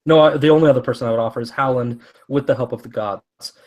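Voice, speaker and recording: A man, a podcast guest, talking through a fantasy book discussion in a measured, careful way. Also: medium pitch, steady tone, a little mellow.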